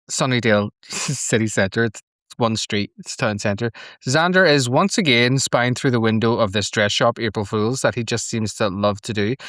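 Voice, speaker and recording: A man's voice: lowish voice, a bit bright, no echo, clean studio sound. Chatty man recapping with swearing. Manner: chatty, swears freely, retells scenes with laughs. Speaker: podcast host. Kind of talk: casual episode recap and commentary.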